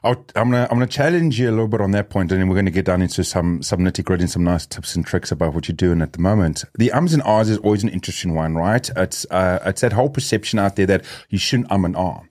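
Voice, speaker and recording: A middle-aged man hosting a podcast, with a very low, deep voice. He keeps it chatty and loose, thinking aloud with fillers and restarts along the way. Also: quick pace, few pauses, a little mellow. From South Africa. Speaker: podcast host. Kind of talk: casual podcast conversation.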